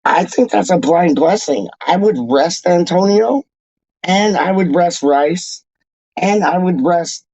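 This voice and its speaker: A man with a somewhat high yet dark, mellow voice rambles casually to his viewers, leaning on loose slang and friendly address. The recording is dull and lo-fi, with a dry, close sound. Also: slow, dry recording. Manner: loose slangy talk, calls listener dog and man. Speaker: football fan channel host. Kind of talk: casual rambling chat to camera.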